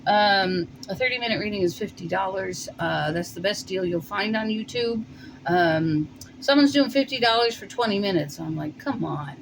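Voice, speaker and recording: A woman's voice: mid-range voice, normal speed, creaky, a little hiss or hum, low-quality recording. A woman with a New York accent giving a casual tarot reading, thinking aloud with plenty of fillers. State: warm and winded after shoveling. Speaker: tarot reader. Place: home in Colorado.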